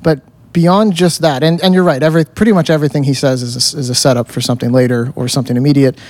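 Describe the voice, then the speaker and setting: Animated man in casual film chat. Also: a little high, rapid-fire, dry recording. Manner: animated, rambling with restarts, swears casually. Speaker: podcast co-host.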